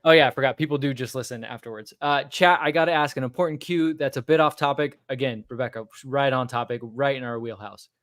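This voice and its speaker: A man's voice: mid-range voice, fast talker, few pauses, fairly bright tone. A man co-hosting a soccer podcast, talking casually and thinking aloud with fillers. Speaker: podcast co-host. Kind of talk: casual postgame chat.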